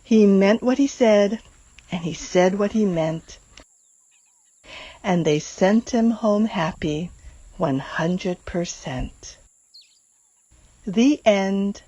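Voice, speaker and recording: A woman volunteer reading a rhyming children's storybook aloud in an expressive, sing-song way. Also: medium pitch, takes it slowly, long pauses, no echo, dull audio. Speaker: volunteer reader.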